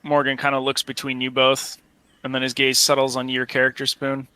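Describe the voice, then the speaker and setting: A man's voice: medium pitch, monotone, brisk, pushed and bright, smooth, no room sound. A man narrating a tabletop game as game master, describing scenes casually.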